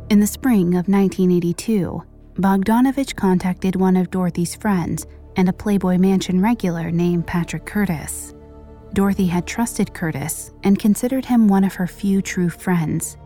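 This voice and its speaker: A woman narrating a scripted true-crime story with measured pacing and dramatic pauses. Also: on the low side, dark tone, soft background music. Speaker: podcast narrator.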